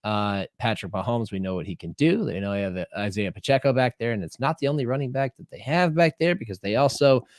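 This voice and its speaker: A man co-hosting a podcast, talking sports in an animated, emphatic way and often restarting his phrases. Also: mid-range voice, a little fast, few pauses, no room sound, clean studio sound. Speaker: podcast co-host. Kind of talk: casual sports chat.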